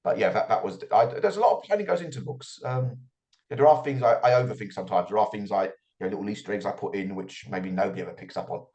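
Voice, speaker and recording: A man's voice: fairly low pitch, quick pace, darkish tone, muffled recording. A middle-aged man answering as an author guest in an interview, reflective and often repeating his words as he starts a thought.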